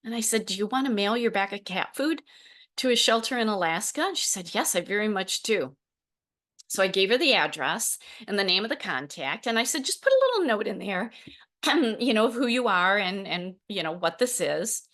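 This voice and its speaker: Lively woman podcast host. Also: mid-range voice, normal speed. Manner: lively storytelling with laughs and acted quotes. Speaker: podcast host, program founder. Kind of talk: solo podcast talk.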